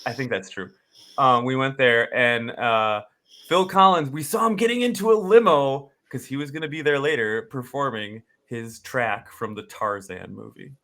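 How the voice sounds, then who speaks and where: Excitable bright-voiced man. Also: medium pitch, normal speed. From Wisconsin. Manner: excitable, joking, profane. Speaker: podcast co-host. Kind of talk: casual banter.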